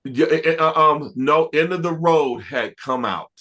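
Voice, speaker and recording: A middle-aged man, an R&B producer, telling stories in a casual interview, animated and stumbling over restarts. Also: a little high, measured pace. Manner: animated, laughing storyteller with many restarts.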